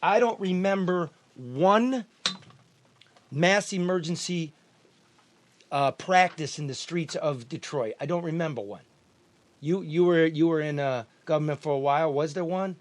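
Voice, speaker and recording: With a fairly high pitch and a slightly slow delivery, this man from the American Midwest hosts a news talk show. His casual on-air banter is blunt and profane, and he keeps repeating himself and starting sentences over.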